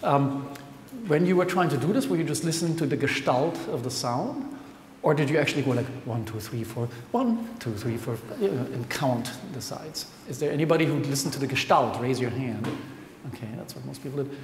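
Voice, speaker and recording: A man giving a live talk to an audience, chatty and quick to laugh. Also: mid-range voice. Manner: chatty, laughs easily, counts aloud. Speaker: scientist presenter. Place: lecture hall. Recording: echoey hall with faint noise.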